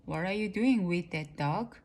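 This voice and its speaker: A woman reading the lines of a kind older male wood carver from a storybook, gentle and reassuring, close to her own voice. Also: fairly low pitch, measured pace.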